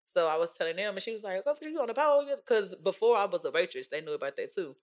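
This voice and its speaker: Young female co-host, relaxed and slangy, storytelling in a casual conversation. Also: on the low side, quick pace. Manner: laid-back slangy storytelling, mimics relatives. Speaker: podcast co-host, pole dancer. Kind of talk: casual chat.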